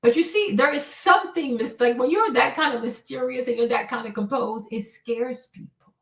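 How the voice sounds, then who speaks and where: A woman's voice: high voice, moderate pace, a bit bright, roomy sound, distant mic. A woman hosting a livestream, handing out blunt relationship advice in a brash, profane, mocking way. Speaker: livestream host.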